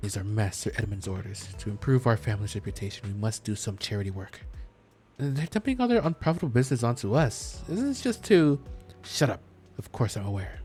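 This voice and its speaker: A man reading game dialogue aloud as a cold, arrogant male noble schemer, trying for a gruff, commanding tone. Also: fairly low pitch, darkish tone. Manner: curt, commanding, attempted gruffness.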